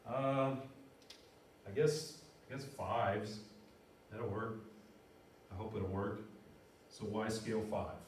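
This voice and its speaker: A man's voice: lowish voice, takes it slowly, pauses often, slight background noise. A man teaching a math lesson in a casual way, thinking aloud and counting off numbers as he plots points. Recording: very echoey room, voice from far off, faint music.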